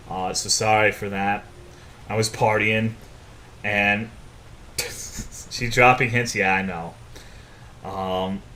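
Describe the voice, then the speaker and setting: A man's voice: mid-range voice, pushed and bright. A young man streaming a game, chatting casually with viewers, swearing often and joking. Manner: profane, joking, reading chat aloud. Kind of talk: casual live-stream chat.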